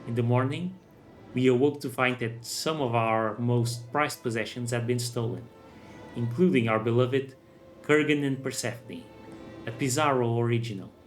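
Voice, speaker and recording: A man's voice: mid-range voice, moderate pace, lightly acted. A man voicing a polite, genteel well-to-do lady who is flustered and prim, over faint music.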